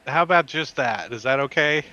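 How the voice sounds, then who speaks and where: Bright, animated man running a tabletop game. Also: medium pitch, highs cut off. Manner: animated, throws in sound effects and quick voices. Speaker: dungeon master.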